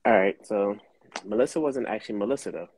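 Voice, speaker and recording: A man's voice: fairly low pitch, fast, a little mellow, husky, low-quality recording. A young man telling a story casually on a livestream, slangy and profane. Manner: profane, laid-back, slangy. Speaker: car rental host.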